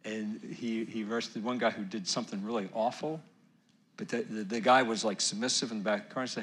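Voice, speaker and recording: Man, middle-aged, pastor, sermon, bright timbre, animated swings from loud to soft. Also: on the low side, fast. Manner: animated preaching, swings from loud emphasis to near-whisper.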